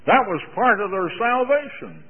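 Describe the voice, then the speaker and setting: An older man preaching a sermon, slow and emphatic, drawing out his phrases, heard on an old radio broadcast. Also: sits high, expressive, vocal fry, breathy edge. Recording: old phone-like radio broadcast with long reverb.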